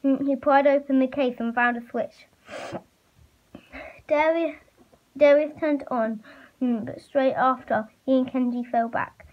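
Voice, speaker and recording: Woman reading a story aloud, halting. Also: high voice, fairly even intonation. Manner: halting reading with many fillers and restarts. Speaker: reader. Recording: muffled lo-fi recording.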